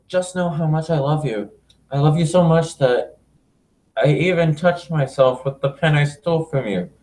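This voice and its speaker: A man reading aloud the lines of an obsessive, unhinged young woman from a game, in a soft, intense voice. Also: a little high, lightly acted. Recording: echoey room.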